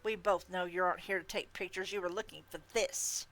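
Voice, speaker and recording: A woman voicing a gruff, dry-humored male wizard investigator who talks in a clipped, demanding way. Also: fairly low pitch, steady tone, brisk, fairly bright tone.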